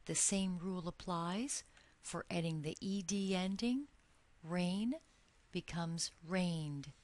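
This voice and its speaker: A woman teaching English grammar in a recorded lesson, speaking slowly and deliberately and drawing out each example word. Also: on the low side, a little mellow.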